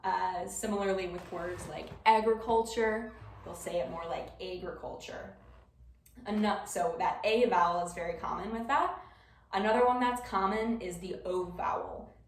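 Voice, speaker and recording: A young woman with a Wisconsin accent chats informally through a class presentation, filling it with ums. Her voice is mid-range and creaky, at a normal speed. The recording picks her up from far off in an echoey classroom.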